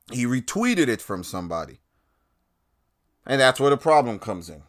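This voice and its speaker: A man hosting a podcast, delivering a casual, heated rant full of swearing and sarcasm. His voice sits at an ordinary middle pitch for a man. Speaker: podcast host. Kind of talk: casual ranting commentary.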